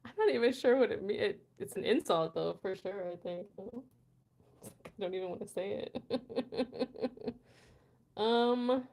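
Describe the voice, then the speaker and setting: A woman's voice: mid-range voice, unhurried, vocal fry, long pauses, a little mellow. An American woman hosting a casual live chat, reading viewer comments aloud and laughing often between words. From United States. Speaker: host of a language channel.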